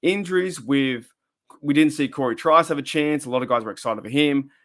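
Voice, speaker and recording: A man's voice: mid-range voice, fairly quick, a bit bright. A young Australian man hosting a casual live stream, rambling and repeating himself as he reads the chat.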